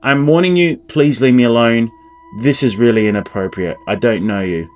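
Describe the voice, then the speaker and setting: A man's voice: mid-range voice, moderate pace, natural voice. A man playing a nervous young man who turns a stranger away, apologetic and flustered. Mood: alarmed.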